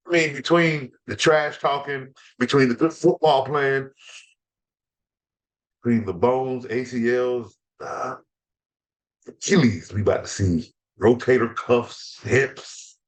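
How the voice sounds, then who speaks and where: A man hosting a fantasy football podcast, talking in an excited, casual way, repeating words and using slang. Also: mid-range voice. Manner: energetic, repeats words, slangy trash-talk style.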